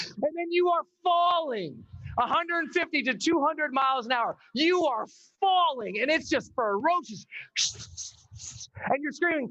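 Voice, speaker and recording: A man giving an energetic storytelling talk at a live event, acting out scenes and shouting the dramatic parts. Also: extremely high pitch, normal speed, highs cut off. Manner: animated, acts out scenes and screams. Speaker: motivational speaker.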